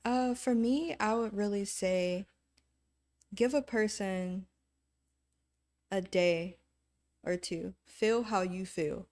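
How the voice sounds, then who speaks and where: A woman's voice: medium pitch, slow, long pauses, darkish tone. A woman on a casual faith podcast, giving firm and encouraging advice with emphatic delivery.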